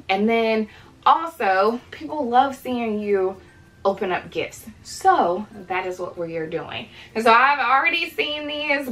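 Breathy, chatty young woman vlogger. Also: mid-range voice, sharp tone, poor audio. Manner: chatty, addresses viewers as "you guys". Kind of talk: casual unboxing vlog.

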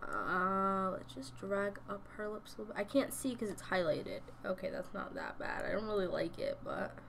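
A woman's voice: mid-range voice, animated, normal speed, creaky, a bit bright, a little hiss or hum. Chatty young woman thinking aloud. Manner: chatty, thinking aloud, often dropping to a murmur. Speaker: gaming YouTuber. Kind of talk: casual gameplay commentary.

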